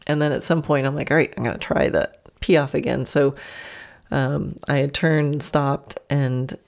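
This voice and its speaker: Woman, podcast host, low voice, gravelly fry, casual storytelling, laughs often. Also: moderate pace. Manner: animated, laughs often, voices her horse's thoughts. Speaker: podcast host and horse trainer.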